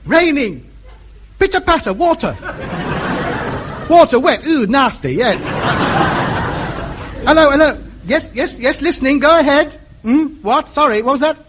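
A pompous, chatty amateur radio ham, with a high voice that leaps all over the place. He talks down to the people he calls in an exasperated way. The old recording is muffled, with steady hiss. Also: a little slow, pauses often, crowd noise, full character voice. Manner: exasperated, over-explains loudly to foreigners. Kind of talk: 1950s radio comedy acting.

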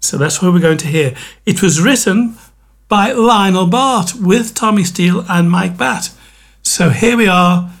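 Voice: mid-range voice, a little slow. A radio presenter introducing songs in casual DJ patter, with jokey, self-mocking asides.

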